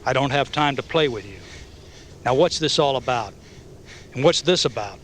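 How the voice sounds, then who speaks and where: A man voicing a hard, controlled male tough guy who speaks calmly in clipped phrases. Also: medium pitch, moderate pace, slight background noise, lightly acted. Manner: calm, clipped.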